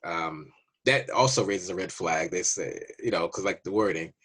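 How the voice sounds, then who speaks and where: A man's voice: low-pitched, normal speed, fairly bright tone, slightly rough. A man from Canada talking casually to viewers, telling a border story and acting out the dialogue as he goes. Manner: chatty, acts out border dialogues. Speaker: waiver service representative.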